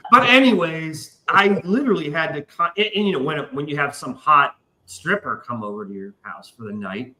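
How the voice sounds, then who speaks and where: A man's voice: a little high, lively intonation, moderate pace, few pauses, pushed and bright, roomy sound. A man hosting a casual livestream chat, telling long rambling profane stories. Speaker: podcast host.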